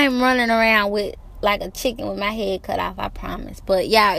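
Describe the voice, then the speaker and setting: A woman's voice: mid-range voice, normal speed, gravelly, hardly any pauses, pushed and bright. A middle-aged woman vlogging outdoors by the ocean, giving herself an emphatic, repetitive, preachy pep talk. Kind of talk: motivational self-talk.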